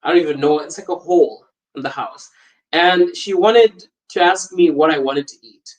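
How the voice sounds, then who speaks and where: A man hosting a podcast, chatting casually and telling lively anecdotes, laughing often as he talks. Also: fairly high pitch, normal speed, rough recording. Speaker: podcast host. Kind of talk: casual storytelling chat.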